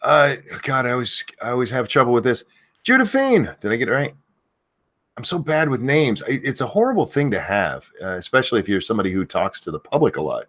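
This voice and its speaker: A man's voice: mid-range voice, lively intonation, fast talker. Rambling, swearing livestream host man. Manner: yells viewers' names in bursts, then rambles and swears. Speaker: live stream host. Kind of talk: casual live-stream rant.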